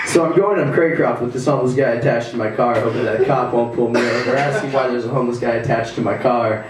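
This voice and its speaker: A male comedian doing a stand-up set at a house party, rambling with lots of fillers and halting restarts. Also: mid-range voice, noisy background. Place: living room at a house party. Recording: echoey room from far off.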